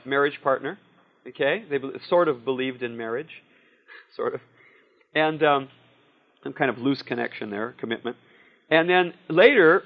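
A man giving a sermon in a conversational way, telling personal stories and often checking in with "See?" and "Okay?". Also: on the high side. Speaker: preacher. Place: room with a live audience. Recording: dull lo-fi recording.

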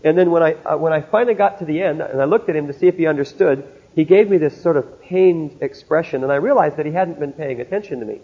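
A man's voice: fairly high pitch, fast, few pauses, husky. A man giving an earnest, tinny classroom sermon. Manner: earnest, direct, storytelling with asides. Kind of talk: sermon-style lecture to students. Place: classroom with a board. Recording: tinny narrow-band old recording.

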